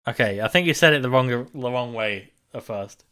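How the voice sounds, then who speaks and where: A man's voice: medium pitch, lively intonation, normal speed, pushed and bright. A man, a podcast co-host making dry, matter-of-fact remarks in casual chat.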